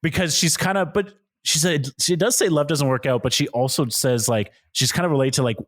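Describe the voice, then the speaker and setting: A man's voice: a little high, brisk, a bit bright, dry recording, studio quality. Man retelling loosely, full of fillers. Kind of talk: casual chat.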